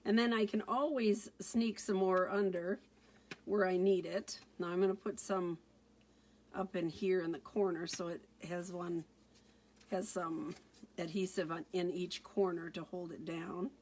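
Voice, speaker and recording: Slow, chatty woman demonstrating card making. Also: lowish voice. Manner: chatty, relaxed, talks through each step. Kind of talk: casual crafting tutorial.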